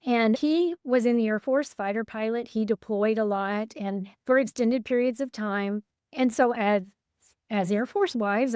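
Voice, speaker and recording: A middle-aged woman hosting a podcast, her voice a bit high and recorded dry and close. She talks with her guest in an earnest, reflective way and shares her own stories. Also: darkish tone, clean tone, no room sound. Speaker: podcast host. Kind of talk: conversational interview.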